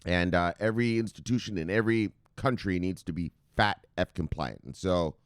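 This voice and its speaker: Low-voiced joking male crypto news host. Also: moderate pace, no room sound, clean studio sound. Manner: joking, profane, animated, chuckles often. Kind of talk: casual news commentary.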